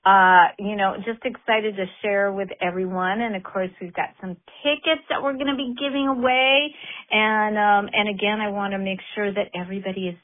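An eager woman hosts a morning radio talk show, gushing with excitement and chatting freely with little fillers. Her voice comes through a narrow, phone-like band, as if heard over the radio. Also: medium pitch, normal speed.

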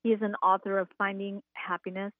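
A woman's voice: mid-range voice, flat delivery, fairly quick, dry recording. A woman hosting a radio talk show, chatty and enthusiastic, with fillers as she introduces her guest. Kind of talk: upbeat radio interview. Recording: narrow phone-line sound.

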